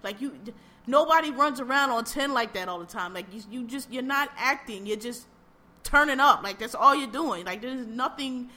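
A woman co-hosting a podcast, bluntly ranting in casual chat about a TV show, repeating herself and getting animated. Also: fairly high pitch, moderate pace. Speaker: podcast co-host.

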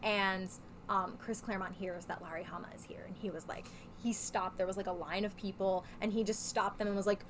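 A woman's voice: medium pitch, fairly even intonation, brisk, noisy background. Chatty woman full of "like" fillers. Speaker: comic convention organizer. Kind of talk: casual podcast chat.

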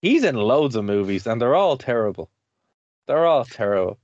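A man's voice: medium pitch, sing-song, normal speed, a little mellow, no room sound, lo-fi sound. Rambling male radio co-host. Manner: rambling, laughs often. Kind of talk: casual chat.

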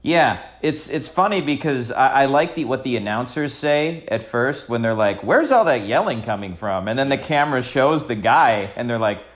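A man co-hosting a podcast, telling stories in relaxed casual chat. He speaks easily, with plenty of ums and uhs. His voice is at an ordinary middle pitch for a man. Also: moderate pace, hardly any pauses. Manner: laid-back storytelling with frequent fillers. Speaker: podcast co-host.

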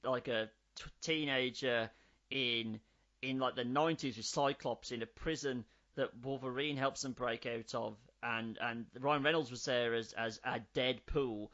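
A man, chatting casually as a podcast co-host, animated and swearing freely. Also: mid-range voice, measured pace. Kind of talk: casual chat. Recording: slightly dull lo-fi audio.

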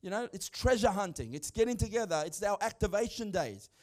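Middle-aged pastor, high voice, emphatic and chatty from the pulpit. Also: male voice, expressive, fairly quick, a little mellow. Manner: emphatic, conversational preaching. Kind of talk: sermon.

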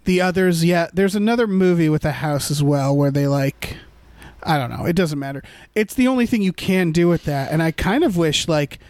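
A man's voice: a little high, normal speed, darkish tone, no room sound. A man co-hosting a casual movie-review chat, rambling with fillers and restarts. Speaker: podcast co-host.

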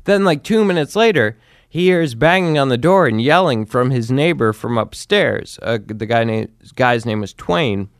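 A man's voice: mid-range voice, normal speed, dry recording, studio quality. A man co-hosting a podcast, telling a story in casual chat and acting out the people in it. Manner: animated storytelling, quotes people in acted voices. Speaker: podcast co-host.

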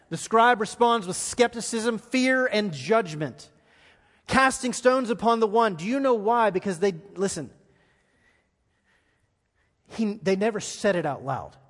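A man with a high voice preaches a sermon, pressing his points with repeated lines and then sinking to a near hush. His words ring out with the long reverb of a large church sanctuary. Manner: emphatic preaching, repeats phrases, drops to a hush. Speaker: pastor.

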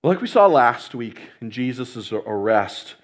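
A man's voice: mid-range voice, sing-song, measured pace. A male pastor praying and then reading scripture aloud in an earnest, emphatic way. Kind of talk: sermon with prayer and scripture reading.

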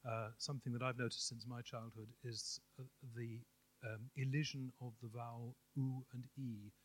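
Husky hesitant man asking a question. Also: mid-range voice, flat delivery, normal speed. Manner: hesitant, with repeated restarts. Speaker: audience member asking a question. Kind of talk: question from the floor.

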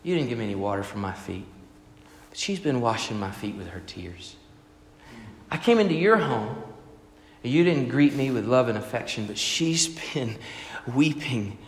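A man preaching, voicing a calm, wise male teacher who tells a parable in a quiet, measured way. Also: mid-range voice. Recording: echoey hall with long reverb.

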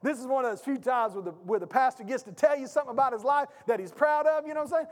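A man preaching a sermon as pastor, with a call-and-response delivery that swings from hushed to shouting. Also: very high-pitched, fast. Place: church sanctuary. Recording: long hall reverb.

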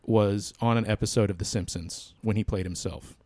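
A man's voice: lowish voice, fairly even intonation, normal speed, few pauses, a little mellow, dry recording, studio quality. A man co-hosting a podcast in casual chat, laid-back, sometimes arguing his points in a mock-formal way. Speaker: podcast co-host.

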